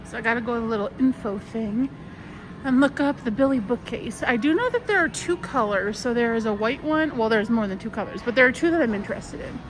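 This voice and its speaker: A young woman with a fairly high voice talks straight to her viewers as she browses busy stores. Her tone is chatty and self-mocking, and it comes across as casual handheld vlog sound. Faint store noise sits behind her. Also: expressive, fairly quick. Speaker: vlogger. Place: busy big stores, indoors.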